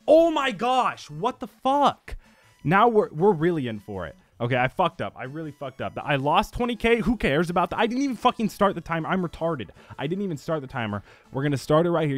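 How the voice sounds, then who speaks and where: Young male gaming host, mid-pitched, swears a lot, excitable, with faint music under the voice. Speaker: gaming YouTuber. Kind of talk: gameplay commentary.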